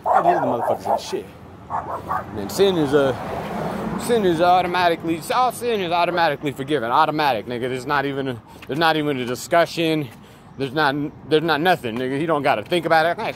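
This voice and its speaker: A man's voice: fairly high pitch, fast talker. A man giving a rambling, profane, emphatic monologue outdoors near traffic. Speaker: vlogger. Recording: loud street and vehicle noise.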